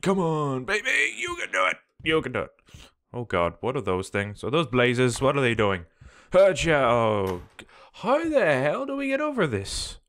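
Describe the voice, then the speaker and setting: A young man doing let's play commentary on a game, frantic and swearing, yelling at the game as he plays. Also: mid-range voice, big pitch swings, unhurried. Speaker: gaming video host.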